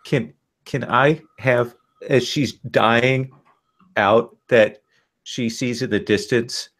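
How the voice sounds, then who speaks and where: A man's voice: mid-range voice, fairly even intonation, slow, fairly bright tone. A man playing a tabletop game, describing his character's farewell in a hesitant way. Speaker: player. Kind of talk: casual tabletop play.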